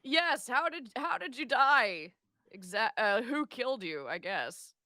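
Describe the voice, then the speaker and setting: A woman's voice: fairly high pitch, expressive, unhurried, bright, forceful tone, no echo, studio quality. A woman playing a tabletop game, hesitant and exasperated, firing off questions. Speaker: player. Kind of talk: tabletop role-play chat.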